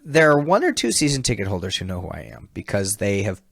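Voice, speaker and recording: Animated storyteller man on a dry mic. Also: quick pace, gravelly, husky, no echo. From California. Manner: laughs often, acts out quoted people with sudden high voice jumps. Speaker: comedian and baseball mascot performer, podcast guest. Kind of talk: animated storytelling in a casual chat.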